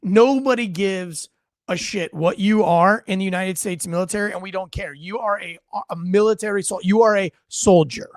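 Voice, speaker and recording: A man's voice: sits high, normal speed, no room sound, studio quality. A man hosting a livestream, ranting bluntly and profanely with wisecracks and reading out chat comments. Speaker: livestream show host and military veteran.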